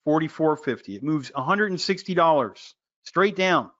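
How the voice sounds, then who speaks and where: An excitable man with a fairly high voice runs a trading lesson. He gets loud, jokes around and calls on his listeners by name. The recording sounds dull and lo-fi. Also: normal speed. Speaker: trading educator. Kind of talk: animated screen-share trading lesson.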